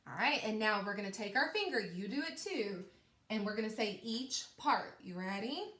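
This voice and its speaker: A woman teacher giving a patient, encouraging phonics lesson to young children, speaking clearly and slowly. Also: mid-range voice, very animated, fairly bright tone. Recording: echoey room.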